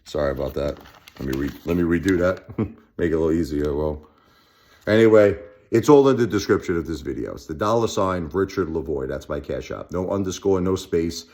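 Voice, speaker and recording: A middle-aged man talking straight to the camera, profane and emphatic, his voice swinging between low muttering and high shouting. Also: fairly quick. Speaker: vlogger. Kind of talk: angry personal vlog rant.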